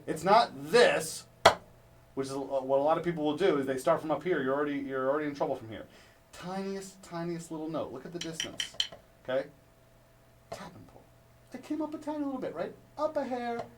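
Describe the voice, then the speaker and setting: A male drum instructor giving a hands-on lesson, coaching step by step and checking in with "right?" after each point. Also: mid-range voice. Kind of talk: instructional demonstration. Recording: distant mic with clear background noise.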